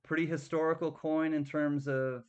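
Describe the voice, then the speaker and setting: A man's voice: fairly high pitch, level tone, moderate pace, clear, resonant tone, lo-fi sound. Chatty male live auctioneer. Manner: chatty, tells jokes, thanks bidders by name. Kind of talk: live-stream auction patter.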